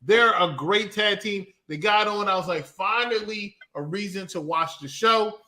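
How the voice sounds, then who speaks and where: Bright-voiced man mocking wrestlers. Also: high-pitched, measured pace. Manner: mocking, does exaggerated quoted voices. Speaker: podcast co-host. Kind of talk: casual wrestling review chat.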